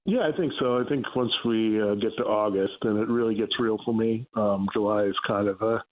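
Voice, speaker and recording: Male phone-in guest, measured analyst, lowish voice, tinny phone line. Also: steady tone. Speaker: NFL writer, radio guest. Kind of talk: radio interview analysis. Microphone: phone call.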